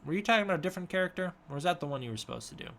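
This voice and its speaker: A man's voice: high-pitched, animated, racing, creaky, very noisy. Hesitant young man streaming a chat Q&A. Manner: mumbling, hesitant, answers chat questions. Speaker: live streamer. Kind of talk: casual live-stream Q&A. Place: home room with a snake tank.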